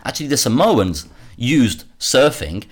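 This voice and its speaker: A man's voice: medium pitch, sing-song, measured pace. A man hosting a solo commentary podcast, worked up and sarcastic, often repeating words as he rants. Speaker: podcast host.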